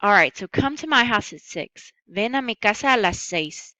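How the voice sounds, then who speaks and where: A woman with a bright, clear voice walks students through a recorded lesson. She stays patient and upbeat and slows right down on the Spanish words. The sound is dry and close. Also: medium pitch, expressive, no room sound, poor audio. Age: adult. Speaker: Spanish teacher.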